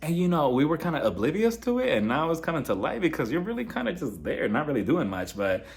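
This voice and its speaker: Animated man mocking reality TV drama. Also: fairly high pitch, fast talker, vocal fry. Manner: animated, mocking, acts out cast members' lines in put-on voices. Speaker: reality TV recap host. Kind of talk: casual recap commentary.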